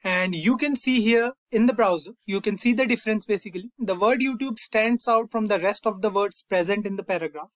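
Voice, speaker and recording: A man's voice: high-pitched, brisk, few pauses, no echo. Man teaching code, dry close voice. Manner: steady explaining tone, often says "fine" and "over here". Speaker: coding tutorial host. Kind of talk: screen-recorded coding lesson.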